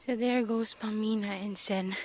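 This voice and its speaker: A woman's voice: medium pitch, fairly even intonation, moderate pace, a little mellow, a little hiss or hum. A Filipino woman vlogging out of breath on a mountain trail, chatting casually in a mix of English and Tagalog. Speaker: vlogger on a hike. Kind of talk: casual vlog narration.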